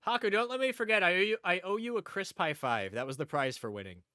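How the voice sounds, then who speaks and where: A man's voice: high voice, expressive, quick pace, sharp tone, clean tone, no echo, studio quality. A man streaming live, chatting casually and rambling as he talks to viewers, repeating himself often. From upstate New York.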